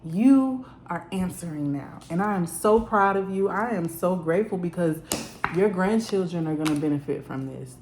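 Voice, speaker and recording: A woman's voice: on the low side, normal speed, echoey room, noisy background. A woman giving a spiritual card reading at home, talking earnestly and emotionally with lots of "like" fillers.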